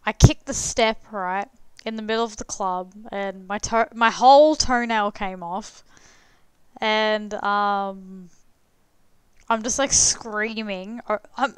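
A woman's voice: medium pitch, smooth, no room sound. A young adult woman streamer telling a story casually while playing a game, chatty and swearing freely, full of "like" fillers.

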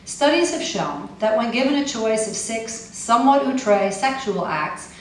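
A woman's voice: fairly high pitch, slight background noise. Woman reading poems in a very echoey room. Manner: wry, pointed delivery with casual asides. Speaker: poet. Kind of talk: live poetry reading. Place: poetry festival venue. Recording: echoey room, mic far off, faint ambience.

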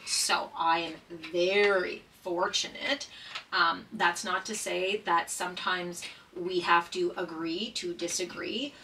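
A woman and former paramedic talking casually and earnestly while doing a jigsaw puzzle, halting with many fillers and holding back tears. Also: lowish voice, far from the mic, very noisy.

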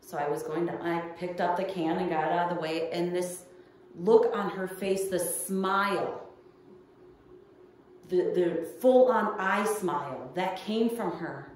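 A woman's voice: fairly low pitch, steady tone, measured pace, slight background noise. Woman pastor giving a sermon, earnest storyteller, really echoey room, mic kinda far off.

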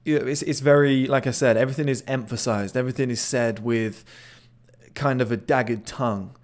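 A man's voice: medium pitch, steady tone, brisk. Chatty man breaking down a clip. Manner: chatty, swears, repeats words when restarting. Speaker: body language analyst. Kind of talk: casual video commentary.

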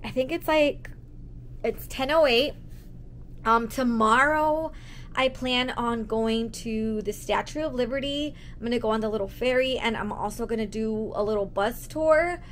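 A woman's voice: on the high side, measured pace, a little hiss or hum. Tired, chatty woman vlogging at night. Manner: chatty, rambling, lots of "like" and "um". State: tired, sore feet. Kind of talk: casual travel vlog. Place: outdoors on a city street at night.

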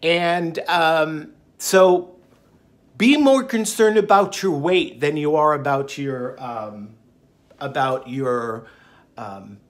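A slow-paced man with a fairly high pitch hosts his own diet channel. His monologue is loose and jokey, wandering off topic with many fillers and side comments.

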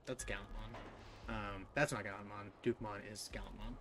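A man's voice: fairly low pitch, steady tone, a little fast, background noise. A man giving casual let's-play commentary, reacting with exasperation and frequent laughs. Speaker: gameplay commentator. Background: game music.

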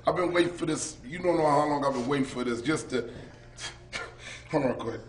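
A man's voice: fairly high pitch, normal speed, a little hiss or hum. A man with a West Coast US accent, laughing and joking in casual banter, acting mock-emotional. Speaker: rapper on tour. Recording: echoey room.

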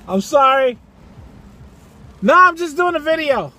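A man filming a casual phone vlog in a store parking lot, talking in a loud, excitable, profane rant. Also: extremely high pitch, a little fast, long pauses, low-quality recording. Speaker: vlogger.

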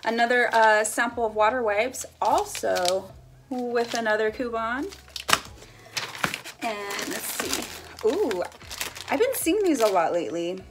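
A woman's voice: fairly high pitch, expressive, slow, pauses often, noisy background. A young woman chatting casually as she unboxes baby samples for a family vlog, giggling now and then. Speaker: family vlogger.

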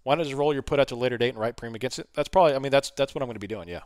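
A man hosting a casual trading livestream, his voice hoarse from talking, answering viewer questions and reading numbers off charts. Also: mid-range voice, racing, no echo, studio quality.

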